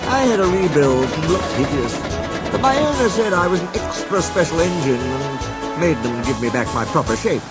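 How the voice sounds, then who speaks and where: A man's voice: a little high, expressive, normal speed, loud music behind the voice, voice pushed up, lightly acted. A man voicing a famous, friendly male express engine with a chatty, knowing manner.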